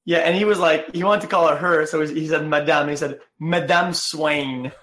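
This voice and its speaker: A man from Canada joins the video call as a guest, his voice a little higher than most men's. He talks loosely, swearing and tripping into quick restarts. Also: a bit bright. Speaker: guest, professional gamer. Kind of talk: casual chat.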